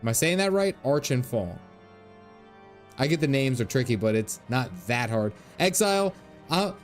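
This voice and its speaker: A man in his thirties giving casual gameplay commentary, quick to laugh and full of dad jokes. His voice sits at a middling pitch, and faint game music plays behind him. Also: big pitch swings. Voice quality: laughs often, jokey dad humor, reads game lines aloud. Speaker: streamer.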